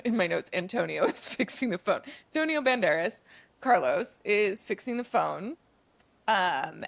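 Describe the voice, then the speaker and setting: A young woman co-hosts a podcast, running through a film's plot in a loose, chatty way. Her voice has a gravelly, fry-heavy edge at a middling pitch. She leans on "like" as she talks. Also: a bit bright, no room sound. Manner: chatty, lots of "like" fillers. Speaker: podcast co-host. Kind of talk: casual chat recapping a film.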